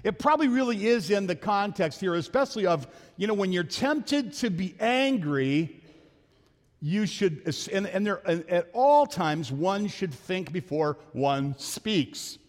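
A man preaching a sermon as pastor, talking fast and telling jokes in a church sanctuary. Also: high voice, expressive. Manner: fast-talking, joking storyteller. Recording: long hall reverb.

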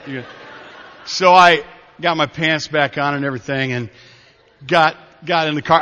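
A middle-aged male pastor preaching a sermon, telling stories and swinging from hushed asides to loud, urgent preaching. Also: fairly high pitch. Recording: muffled hall reverb.

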